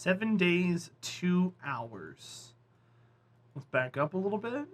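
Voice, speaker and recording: A man's voice: sits high, sing-song, takes it slowly. A man streaming a space game live, chatting casually and encouraging his viewers as he plays.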